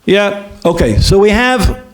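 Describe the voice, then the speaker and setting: A man, a rabbi, talking to yeshiva students in a lively, conversational way, acting out bits of dialogue and checking in with his listeners. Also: high-pitched, slow pace. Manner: lively, acts out dialogue in different voices. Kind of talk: animated talk to a student audience.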